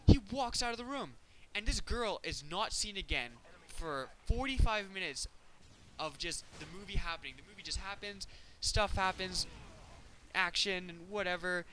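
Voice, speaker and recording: A man giving casual commentary over his gameplay, talking in an animated, ranting, incredulous way. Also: sits high, slight background noise, low-quality recording.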